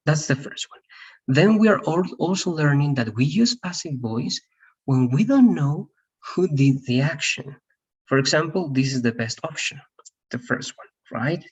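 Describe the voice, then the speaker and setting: Husky male teacher on a lo-fi call. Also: medium pitch. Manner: patient, repeats "all right?" to check understanding. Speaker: English teacher. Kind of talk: online class explanation.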